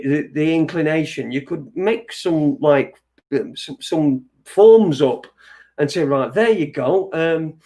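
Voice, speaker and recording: A man's voice: high-pitched, a little mellow. A man hosting an internet radio show, ranting in a sweary, agitated, rambling way with many restarts. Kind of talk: ranting monologue.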